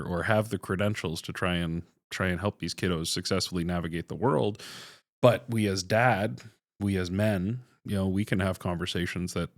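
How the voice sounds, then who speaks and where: Deep-voiced man hosting a dry podcast. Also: no room sound. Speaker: podcast host. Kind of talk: conversational podcast interview.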